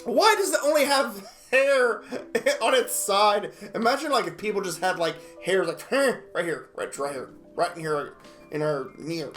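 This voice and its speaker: A man reacting to animal clips in a jokey, excitable way, reading facts aloud, often laughing and stumbling over words. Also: sits high, unhurried, faint music behind. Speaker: video reactor.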